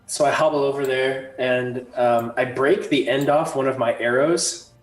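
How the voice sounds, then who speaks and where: A man's voice: mid-range voice, moderate pace, faint music behind. Hesitant man player, roomy and distant. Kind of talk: casual tabletop play.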